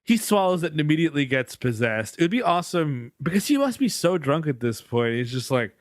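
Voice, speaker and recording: A middle-aged man co-hosting a comedy podcast, joking his way through a movie review. His voice sits a little high for a man and is recorded close and dry, with no room sound. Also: very animated, a little fast, dry recording. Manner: joking, laughs often. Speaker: podcast co-host.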